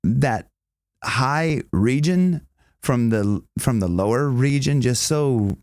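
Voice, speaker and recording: A man's voice: medium pitch, animated, slow pace, darkish tone, no echo, studio quality. A male vocal coach explaining singing technique in a casual, enthusiastic, rambling way. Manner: enthusiastic, rambling, with many restarts and sung demonstrations.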